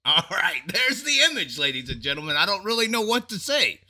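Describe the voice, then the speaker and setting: Bright, high-voiced profane racing commentator. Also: male voice, brisk. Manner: animated, profane, laughing asides. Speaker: racing show host. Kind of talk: casual commentary.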